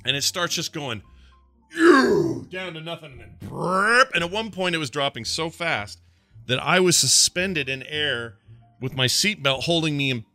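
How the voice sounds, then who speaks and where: A man's voice: a little high, normal speed, bright, forceful tone, soft background music. A man co-hosting a live morning show, chatting casually, laughing and talking to his chat room. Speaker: podcast co-host.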